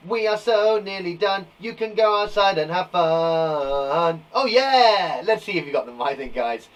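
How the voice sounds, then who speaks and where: A man gives a live phonics lesson to young children from a garden shed classroom, stretching out each sound slowly and praising often. His voice rises and falls a lot and sits fairly high for a man. He is sometimes a little off the mic. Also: lively intonation, recorded from a distance, poor audio. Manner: upbeat, encouraging, slow deliberate sounding-out of words. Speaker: primary school teacher.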